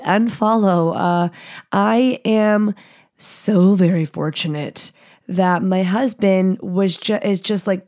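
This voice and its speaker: A sassy woman podcast host delivers a casual monologue, blunt and heavy on swearing. She jumps into higher, mocking voices when she quotes other people. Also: a little mellow.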